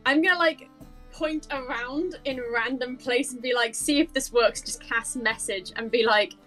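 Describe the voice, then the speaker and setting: A woman's voice: high-pitched, moderate pace, fairly bright tone, soft background music, poor audio. A woman playing a tabletop role-playing game, eager and full of suggestions. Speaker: player. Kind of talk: casual tabletop game chat.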